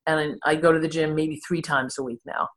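A woman's voice: deep voice, fairly even intonation, brisk. A woman in her sixties, a therapist, telling her own story candidly in an interview and laughing at herself along the way. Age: 60s. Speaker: therapist and podcast guest.

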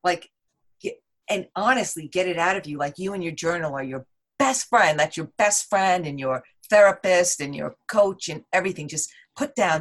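A woman guest on a podcast, talking in an animated, rambling way with many "like" and "you know" fillers. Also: lowish voice, moderate pace. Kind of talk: casual interview chat.

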